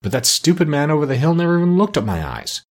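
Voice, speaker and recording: A man's voice: on the high side, very animated, quick pace, pitched above the performer's own voice. A man voicing a grumbling, plainspoken male plow horse. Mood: complaining. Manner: complaining, plainspoken.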